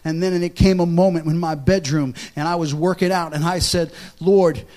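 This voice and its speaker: Man, preacher, sermon testimony, high voice, loud then hushed, questions the crowd. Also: normal speed. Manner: swings from loud excited storytelling to hushed soft confession; asks the audience questions.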